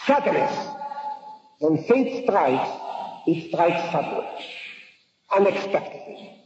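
A man with a high voice delivers a scholarly lecture, stopping, restarting and repeating phrases as he puts questions to his listeners. The sound is dull and lo-fi, with a long echo from a big hall. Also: very animated, slow pace, darkish tone, slight background noise. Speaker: Talmud lecturer. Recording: dull, echoey old hall recording.

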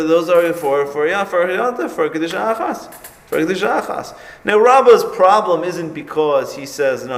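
A man teaching a Talmud class, working through a question aloud, repeating phrases and asking rhetorical questions. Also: mid-range voice. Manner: animated, questioning, repeats himself. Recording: echoey room, faint noise.

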